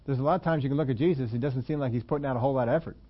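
A man's voice: medium pitch, rapid-fire, husky, highs cut off. Conversational male pastor preaching. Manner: conversational preaching, acts out quoted voices. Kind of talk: sermon.

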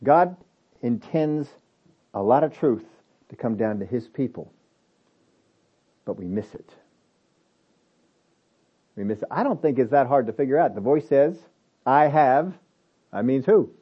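A man preaching a sermon, stressing points hard, then dropping to low asides, with many rhetorical questions. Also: lively intonation, a little slow, long pauses, breathy edge, highs cut off. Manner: emphatic, swings between loud stresses and low asides. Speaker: pastor.

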